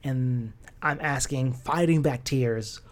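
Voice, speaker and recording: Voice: medium pitch, slow pace. A young adult fashion stylist telling a personal story in a casual, emotional way, with slang and lots of fillers.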